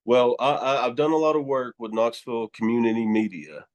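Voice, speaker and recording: A man's voice: medium pitch, fairly quick. A man from East Tennessee with a Southern accent, a guest chatting on a podcast, who laughs often and lets his words run together. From East Tennessee, USA. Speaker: guest, horror host. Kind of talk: casual podcast conversation.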